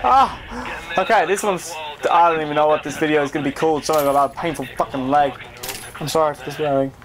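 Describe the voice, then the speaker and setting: A man giving chatty, excitable live commentary while playing a video game, talking to his viewers and swearing now and then. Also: on the high side, quick pace, a little hiss or hum. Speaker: gaming video host. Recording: commentary over loud game gunfire.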